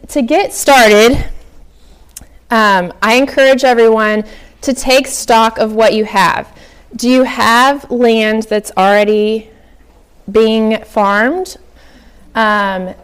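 A woman's voice: fairly high pitch, smooth. A young woman from Oklahoma giving a casual workshop talk on flower farming, chatty with many ums and likes.

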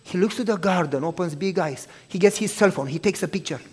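A man preaching by telling a story, acting out each person's lines and dropping to a hush for tender moments. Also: sits high, fairly quick, breathy edge. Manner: animated storytelling, acting out both sides of the talk; drops to a hushed, soft voice for tender moments. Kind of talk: sermon storytelling.

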